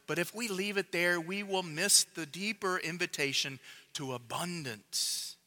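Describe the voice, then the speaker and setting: Slow, bright-voiced male preacher. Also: fairly high pitch. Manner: measured, emphatic, with quiet drops for emphasis. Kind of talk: sermon.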